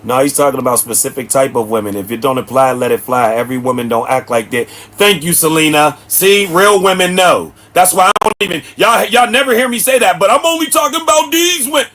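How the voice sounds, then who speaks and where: A man's voice: medium pitch, brisk, few pauses, a bit bright. A man, hosting a livestream and preaching bluntly at his chat. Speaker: livestream host. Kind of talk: ranting livestream commentary. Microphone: streaming setup mic.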